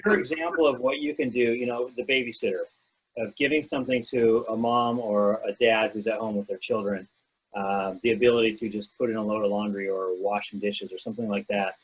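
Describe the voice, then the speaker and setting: A man co-hosting a casual podcast over a video call, speaking in a measured, thoughtful way with fillers. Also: on the low side, steady tone, breathy edge, poor audio. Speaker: podcast co-host.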